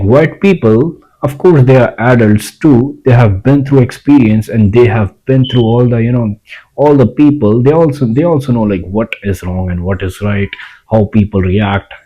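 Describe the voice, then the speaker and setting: A man's voice: lowish voice, moderate pace, mellow, dull audio. A man giving casual self-help advice in a blunt, rambling way, swearing freely. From India.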